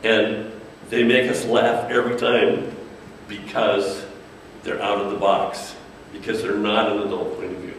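Speaking unhurriedly in a low voice, a man casually addresses an audience on designing media for kids, bringing children and characters to life with animated voices. Slight background noise comes through the echoey, distant room recording.

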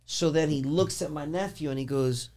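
A man's voice: on the high side, moderate pace. Man telling a rambling story. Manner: animated, rambling, with lots of "like" and restarts. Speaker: podcast host. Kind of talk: casual storytelling on a podcast.

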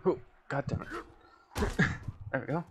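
A man's voice: unhurried, dull audio, noisy background. Young man exclaiming over gameplay. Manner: reactive, laughing, exclaiming. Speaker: gameplay streamer. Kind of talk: casual gameplay commentary.

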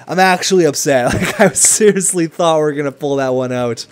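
Young male gamer, slightly high voice, hyped and cursing at the screen, loose casual commentary. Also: moderate pace. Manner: excitable, swings from hype to frustrated swearing. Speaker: gaming commentator.

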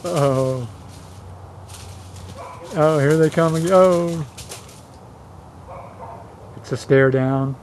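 A man with a slightly high voice narrates his dogs at play outdoors in a yard. He speaks folksy and jokey, with plenty of exclamations. His consumer handheld camera picks up faint background noise. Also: steady tone, extremely slow, pauses often, darkish tone. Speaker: vlogger filming his dog. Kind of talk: casual handheld commentary. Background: dogs playing.

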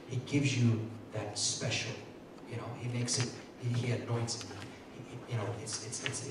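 A man preaching a sermon as pastor, earnest and repeating his words, with excited bursts. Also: mid-range voice. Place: church sanctuary. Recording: echoey hall, mic far off, faint noise.

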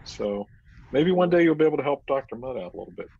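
This man talks fast in a mid-range, slightly breathy voice. He's a paranormal investigator spinning an animated story on a casual video call, voicing the characters' lines himself, and the call audio comes through muffled and lo-fi.

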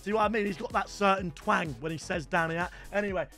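A young man doing loud, sweary gaming commentary for his viewers. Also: high voice, fast, faint music behind. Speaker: gaming YouTuber.

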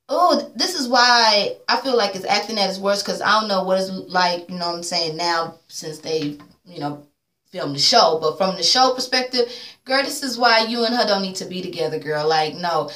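A woman's voice: fairly high pitch, pushed and bright. Woman, recap vlogger, blunt and sassy, swears freely, roomy echo. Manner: blunt, sassy, swears a lot, acts out quotes. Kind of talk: casual reality-TV recap rant.

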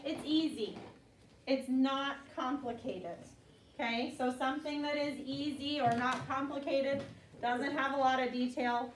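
In a classroom with children, a woman teacher with a high voice leads a vocabulary lesson, patiently running each word through call-and-response and repeating it often. She sounds distant in an echoey room, with slight background noise.

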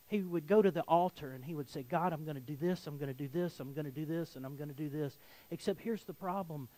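A man preaching to his congregation in a slightly high voice. He moves from soft, confiding appeals to emphatic exhortation, pressing every point home. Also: rough recording. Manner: earnest, rising to emphatic exhortation. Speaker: pastor. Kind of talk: sermon.

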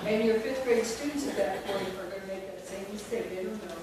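A woman's voice: mid-range voice, fast, a loud crowd. Woman teacher trainer, quizzing style, distant and roomy, noisy recording. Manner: questioning, drilling the group step by step. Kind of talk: spelling workshop for teachers. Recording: echoey room recorded from afar, noisy.

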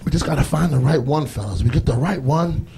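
A man's voice: a little high, lively intonation, fairly quick, gravelly, dark tone, slight background noise. A man doing a loose, rambling stand-up comedy set on stage, acting out voices as he goes. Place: comedy stage before a live audience.

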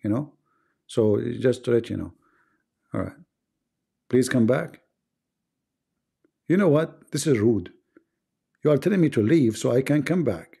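A man's voice: medium pitch, lively intonation, moderate pace, vocal fry, long pauses, dark tone, slightly rough. A man with a foreign accent hosting a live stream, reading viewer comments and teasing his audience. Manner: joking and teasing, often laughing.

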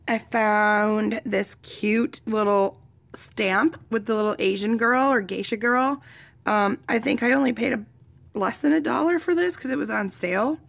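A young woman with a cold, sounding hoarse and gruff, chatting casually and rambling with many ums. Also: fairly high pitch, a bit bright. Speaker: vlogger showing thrift finds. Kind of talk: casual chat.

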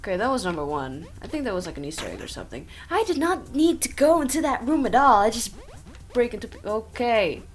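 A woman's voice: fairly high pitch, very animated, a little fast, faint music behind. A woman giving rambling, jokey commentary on a game as she plays, with sarcastic asides, over a desk microphone. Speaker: gameplay commentator. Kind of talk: playthrough commentary. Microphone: own desk microphone.

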